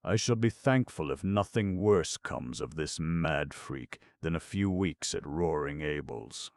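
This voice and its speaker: A stern, self-important uncle speaks down to his family in a storybook reading, as a man plays him. His voice is very deep and gravelly, recorded dry. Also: animated, unhurried, a little mellow, dry recording, exaggerated voice. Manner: stern and condescending.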